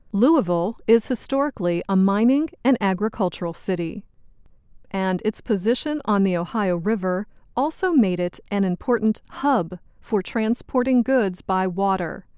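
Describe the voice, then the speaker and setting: A woman presenting a scripted educational program, in a clear, measured, teacherly way. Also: medium pitch, lively intonation, mellow, dry recording, clean studio sound.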